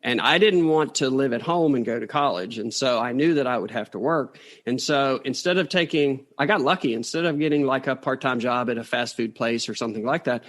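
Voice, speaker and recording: A man's voice: mid-range voice, brisk, few pauses, fairly bright tone. A middle-aged man with a rural Virginia accent, a guest telling stories about his past with self-deprecating humor and chuckles. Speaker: guest, author. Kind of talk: casual storytelling interview.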